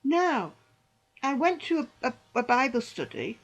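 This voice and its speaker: A woman's voice: high voice, very animated, measured pace, gravelly, poor audio. A middle-aged woman giving a personal testimony, indignant and emphatic, repeating phrases for emphasis. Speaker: vlogger recounting church experiences.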